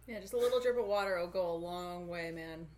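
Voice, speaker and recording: A woman's voice: fairly low pitch, quick pace, darkish tone. A woman co-hosting a podcast in casual chat, blunt and ranting, swearing freely. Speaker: podcast co-host.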